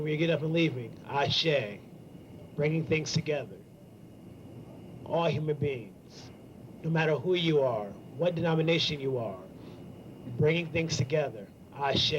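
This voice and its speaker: Young guy giving a heartfelt talk to a crowd of students, earnest, lots of pauses, a bit of hiss. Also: on the high side, muffled recording. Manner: earnest, halting, with many ums and pauses. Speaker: student speaker at a campus gathering. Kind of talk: heartfelt spoken reflection.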